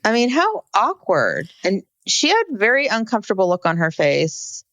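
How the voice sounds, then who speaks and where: A woman's voice: medium pitch, huge pitch swings, normal speed, a bit bright, no echo. A woman co-hosting a podcast, recapping a reality show in casual chat with a wry, sardonic manner. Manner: wry, sardonic, narrates scenes. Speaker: podcast co-host.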